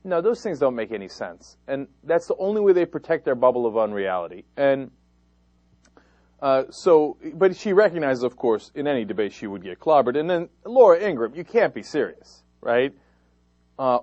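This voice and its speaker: Animated sarcastic male political commentator. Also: medium pitch, normal speed, no echo. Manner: sarcastic, slips into mocking quoted voices. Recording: dull lo-fi dry sound.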